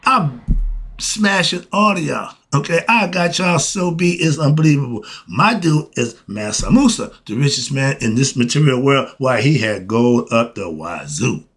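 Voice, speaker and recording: A man's voice: mid-range voice, lively intonation, normal speed, fairly bright tone, slightly rough. A man giving a blunt, emphatic spiritual monologue in casual slang, asking questions and answering them himself. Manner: emphatic, asks and answers his own questions; colloquial, blunt. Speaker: host.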